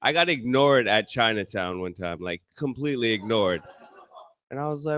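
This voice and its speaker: A man's voice: medium pitch, expressive, normal speed, a bit bright. A man doing stand-up at a comedy bar, bantering loosely with the crowd. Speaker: stand-up comic. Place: comedy bar stage with audience.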